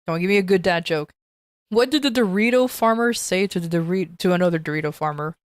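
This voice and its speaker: A woman's voice: on the low side, fast talker, dry recording, studio quality. A woman streamer chatting casually with her viewers, playful and joking, laughing often. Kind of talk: casual live-stream chat.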